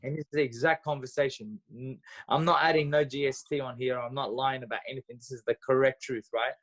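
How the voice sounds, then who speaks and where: A man, a podcast guest telling stories in a lively, casual way, full of fillers and restarts. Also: mid-range voice, a little fast. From Australia. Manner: animated storyteller, acts out dialogue, frequent fillers and restarts. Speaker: podcast guest, former boxer. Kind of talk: casual interview storytelling.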